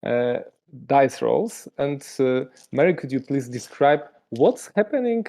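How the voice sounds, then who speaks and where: A game master with a Polish accent describes the scene slowly, stopping often for fillers and restarts. The voice sits mellow and dark at a middling pitch. It is plainly a second language, narrated with care rather than speed. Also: very animated. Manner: halting, with many fillers.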